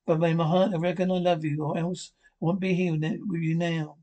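A woman's voice: fairly low pitch, little pitch movement, fairly quick, warm tone, natural voice. An actress playing a frank, tender young country woman with a drawl, in a 1950s TV drama. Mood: earnest.

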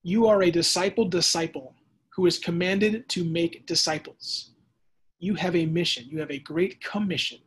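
A man preaching a sermon as pastor, lively and conversational, acting out voices and adding casual asides. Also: on the high side, moderate pace, breathy edge. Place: church or home setting during the pandemic.

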